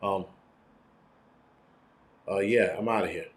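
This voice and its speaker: A man's voice: sits low, steady tone, slow, echoey room. A middle-aged man hosting a prepping channel, talking in a profane, blunt, rambling livestream rant from home. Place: room at home.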